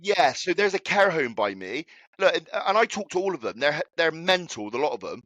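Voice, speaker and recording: A man's voice: a little high, brisk, no echo. A young man telling a story in casual chat, swearing freely as he talks. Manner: swears a lot, animated anecdote telling. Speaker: podcast co-host.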